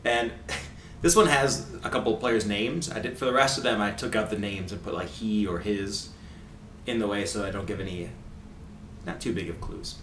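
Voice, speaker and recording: A man's voice: fairly low pitch, moderate pace, fairly bright tone. A man co-hosting a soccer podcast in a casual, chatty way, laughing often. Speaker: podcast co-host. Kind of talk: casual chat. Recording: roomy echo, distant mic, faint hiss.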